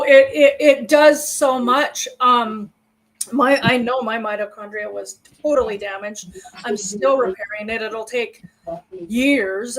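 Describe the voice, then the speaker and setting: A woman's voice: on the high side, noisy background. Candid, emotional woman sharing stories. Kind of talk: casual personal chat.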